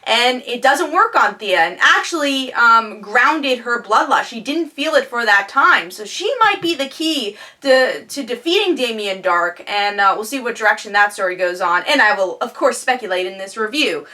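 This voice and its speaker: A woman's voice: fairly high pitch, lively intonation, moderate pace, few pauses, sharp tone. A woman giving a casual spoken review of a TV episode, chatty, with lots of fillers and restarts.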